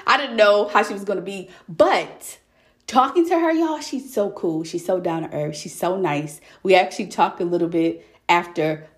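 A young woman podcast host chatting casually, telling a story in an animated way and calling her listeners y'all. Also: fairly low pitch, moderate pace. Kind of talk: casual solo chat.

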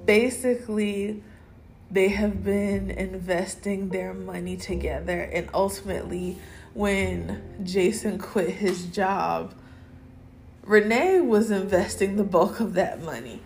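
Woman podcast host doing a solo recap, gravelly fry in her voice, blunt and slangy. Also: medium pitch, slow, a little mellow, a little hiss or hum. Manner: candid, opinionated, slangy. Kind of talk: casual solo recap chat.

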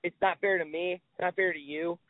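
Male sports podcast co-host, high voice, casual and worked up, swears a lot; tinny phone-quality audio. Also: a little fast, dry recording. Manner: excitable, exasperated, swears often. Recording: tinny phone-like dry sound.

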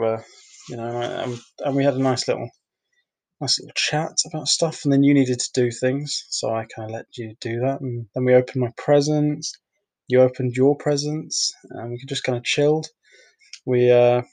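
A man's voice: medium pitch, creaky, no echo. A young adult man tells a personal story to his partner in casual podcast talk, rambling and hesitant, with many fillers, restarts and swearing.

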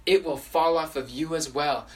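A man voicing a big, friendly woodworker who speaks slowly, calmly and reassuringly. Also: a little high, recorded from a distance, close to an everyday voice.

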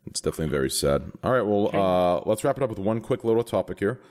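A man with a fairly low voice talks fast in a loose podcast chat. He jokes crudely and trips over his own restarts. He speaks as the host. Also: animated, darkish tone. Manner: quick, crude, joking, restarts often. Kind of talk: casual group chat.

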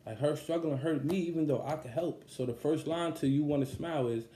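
A man's voice: a little high, brisk, hardly any pauses, dark tone. A young man who writes songs, telling a personal story in a casual, rambling, candid way with lots of fillers. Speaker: songwriter telling the story behind a song. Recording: roomy echo.

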